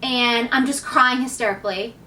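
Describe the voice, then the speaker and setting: A woman in her thirties telling a personal story to camera in a candid, animated way, acting out what people said. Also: fairly high pitch, normal speed, recorded from a distance, a little hiss or hum. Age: 30s. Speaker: vlogger.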